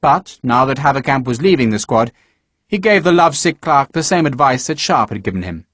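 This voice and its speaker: A man narrates an audiobook from a script, telling the story in a measured, expressive way. His medium-pitched voice is recorded close to a studio microphone with no echo.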